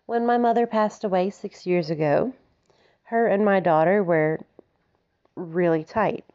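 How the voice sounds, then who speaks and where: A woman's voice: fairly low pitch, unhurried, darkish tone, smooth. A woman from Alabama with a light Southern accent, hosting a casual podcast monologue, giggly and freely swearing as she mocks herself. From Alabama, United States. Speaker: podcast host. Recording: slightly dull lo-fi recording.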